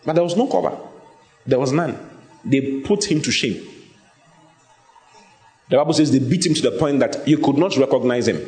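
A man's voice: a little high, reverberant. A man preaching a sermon, telling the story vividly and asking the listeners questions. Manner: animated storytelling, often asks the listeners questions.

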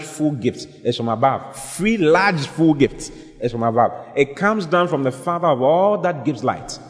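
A man preaching a sermon, stressing points by repeating phrases and rising sharply in pitch on key lines. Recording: long reverb of a hall.

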